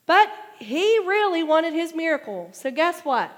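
A woman preaching a sermon, animated and getting loud when she makes her main points. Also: very high-pitched, a little slow. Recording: long hall reverb.

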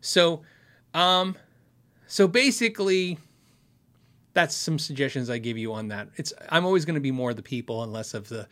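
A man's voice: fairly high pitch, lively intonation, moderate pace, long pauses, a bit bright. A man hosting a casual livestream, answering viewer questions in a friendly, frank way and laughing often.

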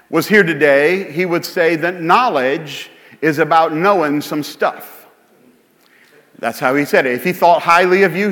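A man's voice: a little high, fairly bright tone. A man preaching a sermon as pastor, conversational and joking at his own expense. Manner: conversational preaching with self-deprecating humor. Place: church sanctuary. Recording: long hall reverb.

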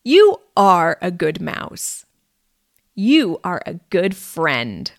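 A woman voicing a big, gentle male elephant who writes poetry, in a storybook reading. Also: lowish voice, huge pitch swings, very slow, vocal fry, no room sound, studio quality, heavily acted.

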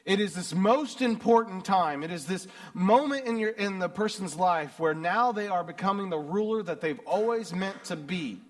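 American pastor preaching with dramatic swings. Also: male voice, high voice, expressive, moderate pace, hardly any pauses. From United States. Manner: dramatic swings between loud emphasis and hushed reading. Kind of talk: sermon.

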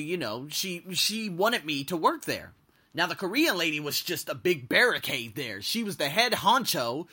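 A young man hosts his own podcast, telling personal stories in a loose, animated monologue. His voice sits a little high and very bright, and it leaps up and down as he gets into a story. He swears freely and breaks into laughter at his own anecdotes. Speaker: podcast host.

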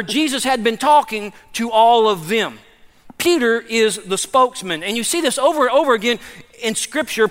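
A man with a high voice preaches an emphatic sermon, swinging between hushed asides and loud declarations. He talks casually, calling listeners "man". His voice rings out with a long reverb, as in a big hall. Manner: informal, says "man". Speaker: pastor.

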